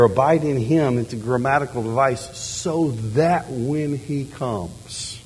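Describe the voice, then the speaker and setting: A middle-aged man, a pastor preaching a sermon in a church, talking with an animated delivery that swings from quiet to loud, emphatic lines. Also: medium pitch, slight background noise. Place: church sanctuary. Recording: long hall reverb.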